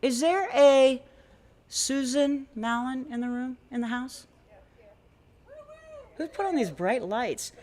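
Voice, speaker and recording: Chatty rambling woman host, fairly high. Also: lively intonation, takes it slowly, pauses often, darkish tone. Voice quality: chatty, rambling, laughing often. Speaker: venue host introducing a performer. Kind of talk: casual stage introduction. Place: small indoor music cafe stage.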